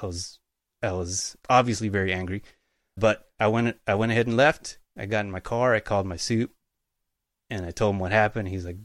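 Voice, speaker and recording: A man speaking as a guest in a casual interview, telling work stories in a relaxed, easygoing way. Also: fairly low pitch, fairly quick, no echo, studio quality. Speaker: guest, utility locator.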